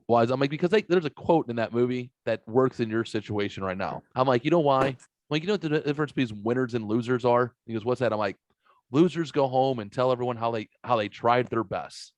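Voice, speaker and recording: A man's voice: medium pitch, quick pace, no echo, highs cut off. Profane rambling male podcast host. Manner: profane, rambling anecdotes, mimics others' voices. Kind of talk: casual podcast chat, storytelling.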